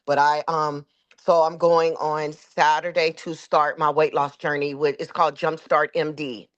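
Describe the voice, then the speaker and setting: A woman with a lower voice shares her feelings on a video call, earnest and a little halting. The call audio is dull and lo-fi. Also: little pitch movement. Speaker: group member. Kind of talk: casual sharing on a video call.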